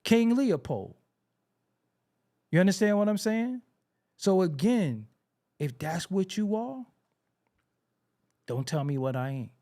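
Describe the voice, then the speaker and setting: Black guy ranting on a podcast, jumps all over in pitch, dark mellow tone, lots of cussing. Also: slow, long pauses. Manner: animated, preachy, swears a lot. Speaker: podcast host. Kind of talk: heated casual discussion.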